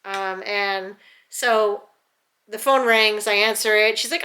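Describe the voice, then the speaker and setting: A middle-aged woman from the New York area telling a family story at home in a chatty, animated way, full of fillers and restarts. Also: a little high, normal speed. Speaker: vlogger. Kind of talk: casual storytelling.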